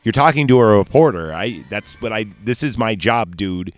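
A man's voice: lowish voice, unhurried, a bit bright, soft background music. A man voicing a brash young female magazine reporter who speaks bluntly and dismissively.

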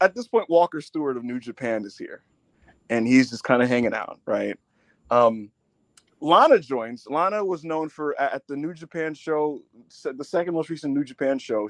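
A man co-hosting a podcast, telling a story with excitement and quoting other people in quick bursts. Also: on the high side, no room sound. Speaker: podcast co-host.

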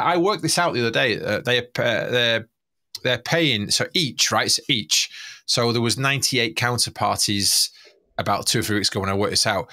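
An enthusiastic male host with a bright, forward voice who rambles through his points. He often restarts mid-sentence while keeping things casual. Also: on the low side. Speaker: show host. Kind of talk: casual chat.

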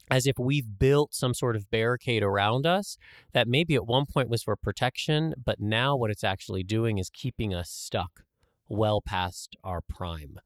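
A man's voice: mid-range voice, dry recording, studio quality. A man co-hosting a spiritual podcast, talking in a reflective, playful way. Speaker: podcast co-host. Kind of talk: casual spiritual podcast chat.

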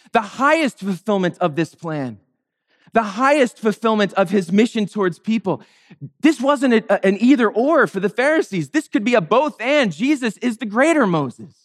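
Lively high-voiced male preacher. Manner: conversational, wry, acts out the characters in playful higher voices. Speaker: pastor. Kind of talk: sermon.

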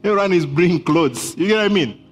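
A man's voice: high-pitched, expressive, fast talker, faint music behind. A man preaching a sermon as pastor, emphatic, repeating key phrases and laughing between points.

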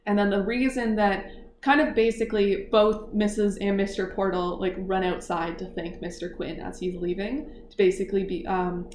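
A woman hosting a casual book club chat, retelling a mystery plot in animated detail and laughing often. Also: medium pitch, normal speed. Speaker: book club podcast host. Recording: echoey room, faint noise.

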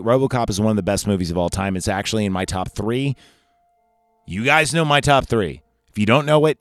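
A man hosting a podcast, talking through his favorite movie endings in a rambling, excitable way and swearing often. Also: mid-range voice, no room sound. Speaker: podcast host. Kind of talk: casual movie ranking chat.

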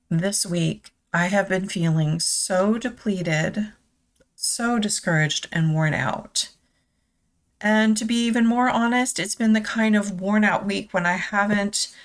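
A woman hosting a devotional podcast, speaking in a tender, confessional way and reading scripture aloud. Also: mid-range voice. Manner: slow, tender and confessional, near tears.

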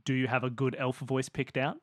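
A woman's voice: rumbling low, little pitch movement, a little fast. A woman playing in a tabletop game, joking and chatting as she draws. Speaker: player.

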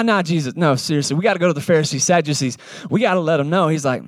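A man preaching a casual sermon, acting out the Bible characters in quick shifting voices. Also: fairly high pitch, dry recording, studio quality. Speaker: pastor. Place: church service in a cinema.

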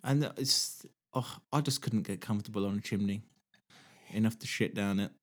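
A man's voice: lowish voice, moderate pace. A man co-hosting a casual comedy podcast, rambling and swearing freely as he chats. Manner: rambling, sweary, restarts a lot. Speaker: podcast co-host.

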